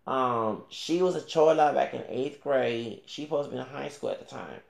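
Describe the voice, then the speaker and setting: Male vlogger with a gravelly voice, rambling rant straight to camera, recorded in an echoey room. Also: medium pitch, normal speed. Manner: rambling, with many restarts and fillers; talks back directly to another creator. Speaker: YouTuber. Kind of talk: casual ranting commentary.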